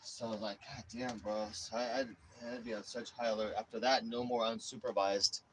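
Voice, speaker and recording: A man's voice: lowish voice, level tone, brisk, slight background noise, poor audio. A young man casually telling a rambling story full of swearing, often saying bro. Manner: profane, rambling, says bro a lot. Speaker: vlogger.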